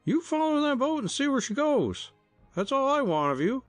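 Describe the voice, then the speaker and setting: A man's voice: extremely high pitch, very animated, normal speed, no room sound, soft background music, pitched above the performer's own voice. A man voicing a surly young male messenger who sneers and snarls his words, in a storybook reading.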